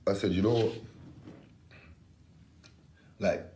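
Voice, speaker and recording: A man's voice: low-pitched, steady tone, slow, mellow, a little hiss or hum. Young man, slangy, emphatic rant, swears a lot, roomy echo on the mic. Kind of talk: casual ranting story.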